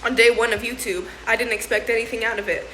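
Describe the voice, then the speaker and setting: A woman's voice: a little high, steady tone, quick pace, pushed and bright, slight background noise. A young woman talking casually to her vlog audience, emotional and slangy, often calling people "bro.". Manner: emotional, laughing through tears; slangy, says "bro" and "sis". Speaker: vlogger. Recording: echoey room with faint ambience.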